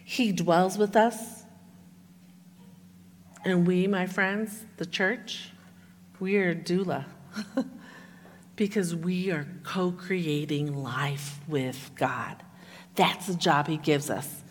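A woman's voice: fairly low pitch, fairly even intonation, drawn-out words, long pauses. A woman preacher delivering an earnest sermon, reading scripture with emphasis and dropping to near-whispers to stress points. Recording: echoey hall with long reverb.

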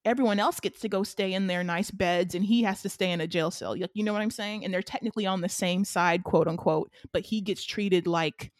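A woman, co-hosting a casual anime recap chat and retelling scenes with excited, animated energy. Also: mid-range voice, a little fast, hardly any pauses, no room sound, studio quality. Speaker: podcast co-host.

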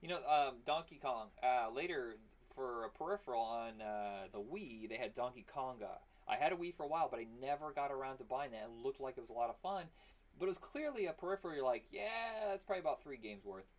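A man with a mid-range voice co-hosts a casual podcast, talking fast and animatedly. He rambles and jokes, slipping into silly voices, and his voice sounds strained and partly worn out.

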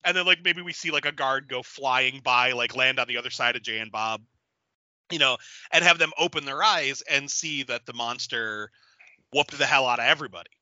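A man co-hosting a podcast, chatting casually and animatedly, laughing often and acting out bits as he pitches a story. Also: normal speed, bright, forceful tone, no room sound, highs cut off. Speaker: podcast co-host. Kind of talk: casual brainstorming chat.

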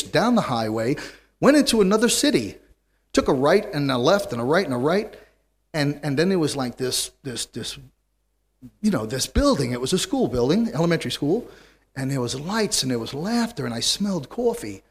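A man telling his recovery story to a live audience in a wry, animated way, swinging from loud to hushed. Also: a little high, slightly rough. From United States.

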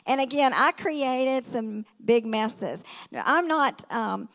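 Middle-aged woman preaching, chatty storytelling, keeps tossing in "right?", slightly high voice, big echoey hall. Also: expressive, slow, a bit bright. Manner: conversational, many asides and rhetorical "right?". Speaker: guest speaker. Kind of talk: storytelling sermon. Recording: reverberant hall.

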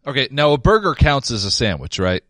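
A man's voice: medium pitch, sing-song, fairly quick, a bit bright, dry recording. A man co-hosting a casual movie podcast, talking in a laid-back, joking way. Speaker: podcast co-host.

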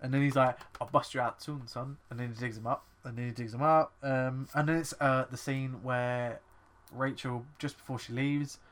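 A man's voice: mid-range voice, steady tone, normal speed. A man co-hosting a podcast, chatting casually and swearing while retelling a movie, sometimes dropping into goofy voices. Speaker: podcast co-host.

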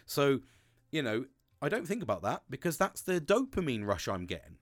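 A man, talking candidly and excitably to camera, swearing constantly and restarting sentences. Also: moderate pace. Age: 40s. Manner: swears constantly, animated, pitch jumps with excitement. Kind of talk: candid monologue.

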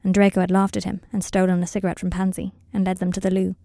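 A woman reading a story aloud in calm, even scripted narration, recorded close to the mic. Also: medium pitch, fast, vocal fry, dry recording. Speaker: audiobook reader.

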